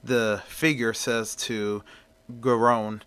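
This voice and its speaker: A man's voice: medium pitch, unhurried, fairly bright tone. A man narrating a story in a plain, conversational way.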